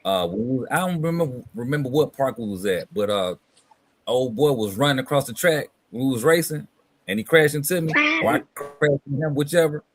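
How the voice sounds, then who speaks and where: A man's voice: medium pitch, a little fast. A man hosting a live hobby talk stream, telling stories in a laid-back, slangy way. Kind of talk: casual chat, storytelling.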